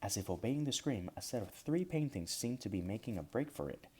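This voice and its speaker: A man reading his own whimsical story aloud, gentle and unhurried with small restarts. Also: fairly low pitch, expressive, slight background noise. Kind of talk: storybook narration.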